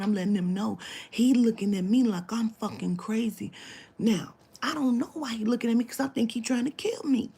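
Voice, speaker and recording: A woman telling a story to camera, animated and profane, dropping into whispered asides. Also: mid-range voice, creaky, husky. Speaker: spiritual reader telling a story.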